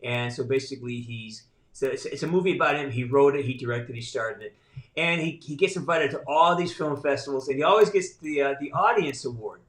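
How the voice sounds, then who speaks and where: A man's voice: medium pitch, a little fast, fairly bright tone. A middle-aged man talking as a podcast guest, a blunt and profane storyteller. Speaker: guest voice actor. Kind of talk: casual podcast conversation. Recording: roomy echo.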